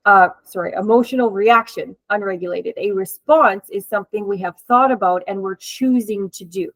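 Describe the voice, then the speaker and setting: A woman's voice: medium pitch, moderate pace, no echo, low-quality recording. A woman hosting an interview and chatting casually as a coach, with a chatty, laughing manner and many fillers. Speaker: host and coach.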